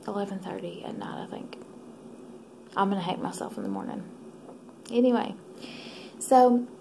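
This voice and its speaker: Gravelly, half-whispering woman. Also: medium pitch, noisy background. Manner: soft, half-whispered and rambling. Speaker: vlogger. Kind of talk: casual late-night vlog.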